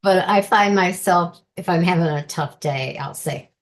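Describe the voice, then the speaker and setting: A woman's voice: lowish voice, measured pace. A woman guest author telling personal stories in a chatty way and laughing often during an interview. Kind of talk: casual interview chat.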